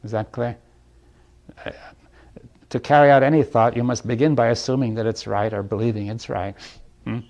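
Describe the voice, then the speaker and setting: A man giving a reflective talk to a group, thinking aloud in halting phrases, checking in with "right?" and chuckling lightly between points. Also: medium pitch, fairly even intonation, a little mellow. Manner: thoughtful, halting, often asks "right?". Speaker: speaker leading a group dialogue.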